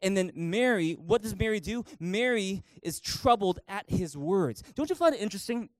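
A young man preaching a sermon as pastor in a church, animated and acting out the people he quotes. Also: sits high, normal speed, dry recording, rough recording. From Canada. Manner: animated, acts out quoted voices.

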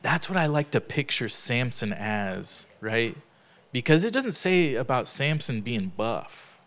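A man leading a casual Bible study, talking in a chatty way, laughing often and retelling stories in lively quoted dialogue. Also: mid-range voice, measured pace.

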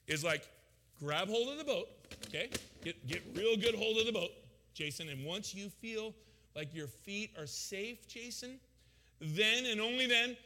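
A man playing a savior figure who gives slow, fussy, over-reassuring step-by-step instructions. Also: sits high, bright, forceful tone. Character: overly cautious, coaxing male savior. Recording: long hall reverb.

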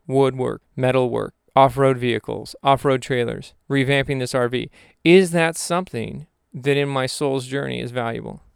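A man's voice: mid-range voice, gravelly, clean tone, no room sound, clean studio sound. A young man rambling through a reflective vlog monologue, questioning himself aloud with jokey asides. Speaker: vlogger.

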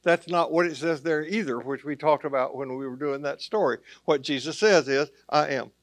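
A man's voice: fairly high pitch, moderate pace, no room sound. A man preaching a sermon in a conversational way, with plain asides to the congregation. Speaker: pastor.

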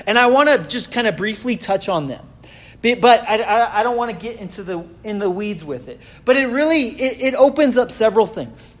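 A man preaching a sermon in a conversational way, reading scripture aloud and slowing down to stress key words. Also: sits high. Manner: conversational preaching with dynamic swings in loudness. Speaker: pastor.

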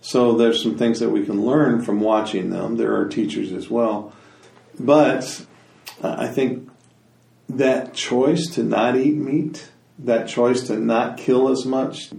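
Gravelly low man from Cherokee country, storyteller, halting, roomy far-off mic. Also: a little mellow. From Cherokee country, United States. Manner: reflective, halting, with restarts. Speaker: storyteller, interviewee. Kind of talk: interview and oral storytelling. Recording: roomy, from a distance.

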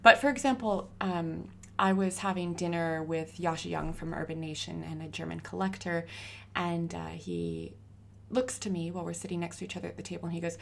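A woman in her thirties, a graffiti artist, telling stories in a casual interview with lively, laughing energy. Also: on the low side, brisk, creaky, slight background noise. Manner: animated, laughing storyteller.

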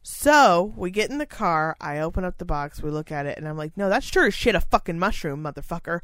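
A woman's voice: fairly low pitch, a little fast, few pauses, no echo, clean studio sound. Foul-mouthed, exasperated young woman telling a story. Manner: swears heavily, animated and exasperated, acts out quotes. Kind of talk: casual storytelling chat.

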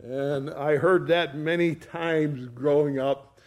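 Male pastor, folksy sermon storyteller, somewhat high-pitched. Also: fairly even intonation, slow pace.

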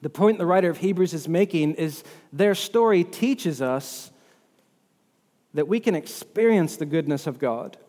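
A man's voice: a little high, expressive, measured pace, mellow. A man preaching a sermon as pastor, earnest and often repeating words as he works through scripture. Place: church hall. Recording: long hall reverb.

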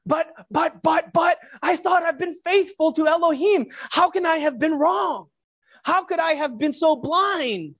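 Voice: very high voice, a little slow, a bit bright, pitched above the performer's own voice. A preacher acting out a distressed, newly blinded man who stammers and pleads in anguish.

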